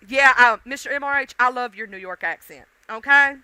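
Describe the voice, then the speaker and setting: Woman livestream host, chatty and teasing, smooth voice. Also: sits high, moderate pace, pushed and bright, no echo, poor audio. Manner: chatty, laughing, teasing viewers by name. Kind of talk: casual chat with live viewers.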